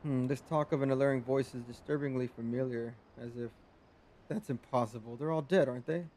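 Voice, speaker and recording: A man's voice: mid-range voice, fairly even intonation, a little fast, a little mellow, slight background noise, natural voice. A man reading the lines of a polite, worried male lighthouse guard in a video game, formal and explanatory.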